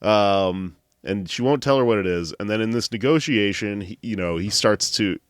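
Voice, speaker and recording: A man's voice: lowish voice, normal speed, smooth, no echo, studio quality. A man hosting a podcast, casually retelling a story in a rambling, amused way. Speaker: podcast host.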